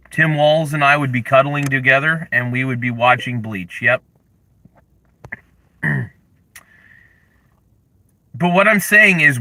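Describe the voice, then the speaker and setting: A young man hosting a casual livestream, ranting in mock anger and chatting with viewers, with sudden loud outbursts. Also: a little high, no echo. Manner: animated, mock-angry rants with sudden yelled bursts. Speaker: livestream host.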